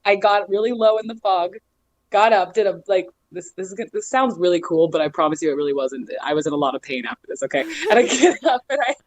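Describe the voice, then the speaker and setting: A woman guest telling lively stories in a casual chat, often laughing as she talks. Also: lowish voice, quick pace, a little hiss or hum. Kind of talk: casual storytelling.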